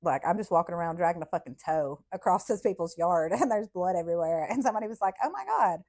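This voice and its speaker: A woman, a podcast host telling childhood stories in a blunt, profane, animated way. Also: on the low side, fast talker. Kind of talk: casual storytelling.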